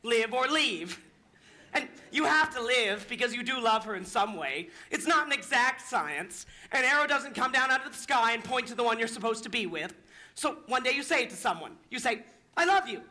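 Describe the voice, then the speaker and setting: A man's voice: extremely high pitch, animated, normal speed, pushed and bright, exaggerated voice. A young man in a school musical playing a lonely theatre fan who narrates in a confiding, rambling way. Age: young adult. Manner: confiding, rambling, bitter asides. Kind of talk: high school musical stage acting.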